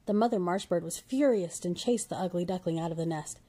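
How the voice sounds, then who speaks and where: A woman reading a children's storybook aloud in a steady, expressive way. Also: on the low side, a little fast.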